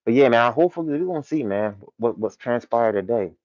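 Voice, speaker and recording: This time the man's pitch is medium and his intonation lively, with a fairly quick delivery and a slightly mellow tone. He hosts a casual warehouse livestream, reading chat and cracking up often through loose, slangy commentary. The sound is lo-fi, with no room sound.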